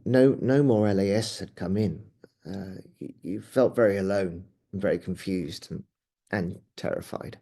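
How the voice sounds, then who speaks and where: A middle-aged man, a paramedic, recounting a personal experience in an interview, halting and earnest with frequent restarts, often dropping quiet. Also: low voice. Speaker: paramedic guest.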